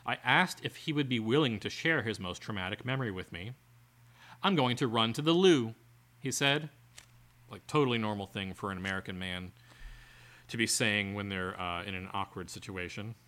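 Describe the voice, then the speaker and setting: A man's voice: fairly low pitch, a little fast, pushed and bright. A man co-hosting a podcast, reading an article aloud and breaking off into sarcastic, exasperated asides. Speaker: podcast co-host.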